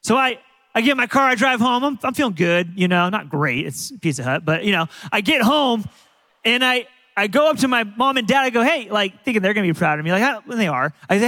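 A man's high, bright voice carries through the long reverb of a large church hall. He preaches as a pastor, telling stories in an animated way and often stopping to restart his sentences. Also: brisk. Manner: animated storytelling with frequent restarts. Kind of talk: sermon.

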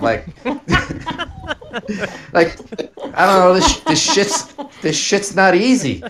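A man's voice: sits high, huge pitch swings, slow, pauses often, a crowd in the background. A man casually telling a personal story on a podcast, swearing freely and laughing as he talks. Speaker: podcast host.

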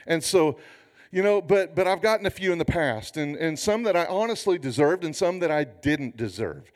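A man in his fifties, a pastor preaching a sermon with humorous, animated storytelling. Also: on the high side, normal speed.

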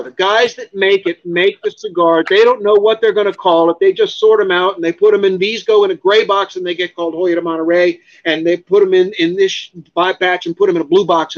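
A man tells a long story as an interview guest, acting out the lines of the people in it and swearing freely. His voice sits a little high. The recording sounds dull and lo-fi. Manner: animated, profane, acts out other people's lines. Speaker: guest, cigar expert.

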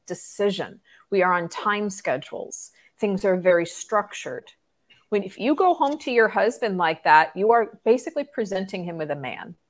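Expressive woman spiritual mentor. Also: fairly low pitch. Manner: earnest, expressive, laughs easily. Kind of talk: conversational podcast interview.

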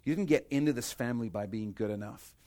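Male pastor, mid-pitched voice, sermon delivery that drops to a hush and then builds to emphatic bursts. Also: fast talker. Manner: impassioned, swings from hushed to emphatic; rhetorical questions and repetition.

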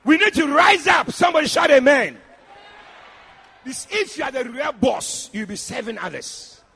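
Shouting, high-voiced preacher man. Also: gravelly, breathy edge. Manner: shouting, animated, addressing the congregation directly. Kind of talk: sermon. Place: church.

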